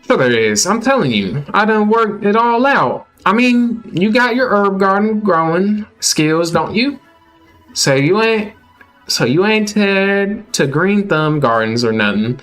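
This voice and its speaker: A man's voice: high-pitched, animated, a little slow, a bit bright, faint music behind, pitched above the performer's own voice. A man voicing a scheming, impatient young country man in a put-on Southern US drawl, pushy and wheedling.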